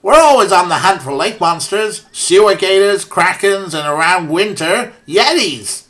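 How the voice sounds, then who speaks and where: A man's voice: high-pitched, lively intonation, a little slow, a bit bright, pitched above the performer's own voice. A man doing cocky kid monster hunters, Midwest twang. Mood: eager. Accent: put-on American Midwest. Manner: boastful, chummy. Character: eager young boy monster hunters, cocky.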